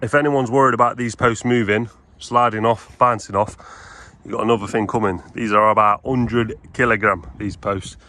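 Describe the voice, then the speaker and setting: A man's voice: fairly low pitch, steady tone, moderate pace, pushed and bright. A man giving casual vlog commentary to viewers while he works on fencing jobs outdoors, matter-of-fact and chatty. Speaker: fencing tradesman vlogger. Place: outdoors at work sites and a yard, windy. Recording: wind noise outdoors.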